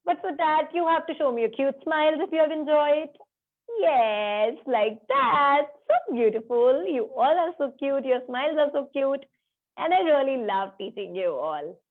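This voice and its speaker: High-voiced Indian woman teaching online. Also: expressive. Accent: Indian English. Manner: sing-song, slow counting out sums. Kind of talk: online class for children. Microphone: video call. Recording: narrow phone-like video call audio.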